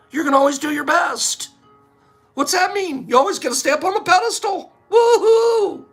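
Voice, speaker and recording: A man hosting a casual live stream, rambling playfully and calling out viewers by name with sudden high whoops. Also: bright, forceful tone. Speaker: livestream host.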